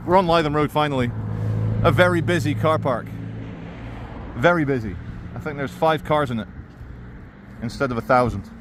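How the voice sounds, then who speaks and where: A man's voice: fairly high pitch, moderate pace, pauses often, background noise. A man walking through town streets and filming himself, giving wry, sarcastic running commentary as a YouTuber. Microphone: handheld camera mic while walking.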